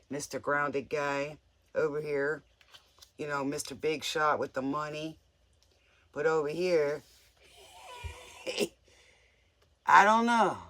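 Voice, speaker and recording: A man's voice: fairly high pitch, a bit bright. A man giving a casual live tarot reading in a playful, joking way, often giggling. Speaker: tarot reader.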